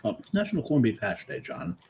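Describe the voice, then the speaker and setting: A man's voice: medium pitch, very animated, fast talker, darkish tone, slightly rough. A man co-hosting a casual chat show, laid-back, joking dryly and talking while he eats. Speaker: co-host.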